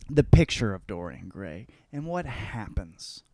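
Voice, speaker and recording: A man's voice: fairly low pitch, sing-song, unhurried, warm tone, no echo, clean studio sound. A man hosting a podcast, giving a crude comedic book report in a profane, rambling way. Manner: profane, rambling, puts on voices for characters. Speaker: podcast host.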